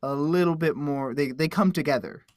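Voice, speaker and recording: Slightly high man rambling thoughtfully. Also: normal speed, no echo. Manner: rambling, hesitant, repeats himself. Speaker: player. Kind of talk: casual podcast chat.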